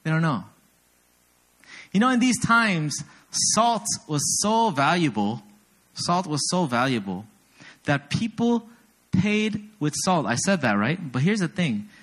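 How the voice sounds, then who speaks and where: A young adult man giving a sermon, an animated storyteller who teases himself and keeps checking in with his listeners. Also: a little high, slow pace, pauses often. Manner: animated storyteller, self-deprecating, asks the audience often. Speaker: pastor.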